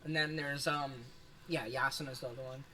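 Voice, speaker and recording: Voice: medium pitch, steady tone, fairly quick, sharp tone, slight background noise. A streamer chatting casually over a game, rambling, swearing often, laughing a lot and self-conscious about their voice. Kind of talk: casual gaming stream commentary.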